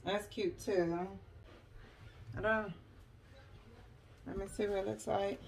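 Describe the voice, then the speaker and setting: A woman's voice: mid-range voice, steady tone, slow, vocal fry, a little hiss or hum. A woman, chatting casually to camera at home, calling her viewers y'all and girl. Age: 40s. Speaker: lifestyle vlogger. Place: at home, decorating a room.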